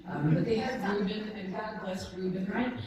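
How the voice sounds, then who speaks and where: A chatty woman in her sixties gives a laughing, self-mocking speech at a ceremony. Her voice rings through a big echoey hall and sits back from the microphone. Steady background noise runs under it. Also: medium pitch, moderate pace, far from the mic. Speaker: guest speaker at a ceremony. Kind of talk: anecdotal speech to an audience. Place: large event hall.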